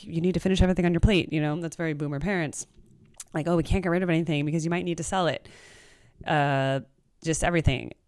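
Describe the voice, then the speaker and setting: A woman's voice: clear, resonant tone, no echo, clean studio sound. A young woman hosting her own music channel, talking casually to camera and acting out what other people say. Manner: chatty, animated, acts out quoted people in a higher voice. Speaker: music reaction channel host.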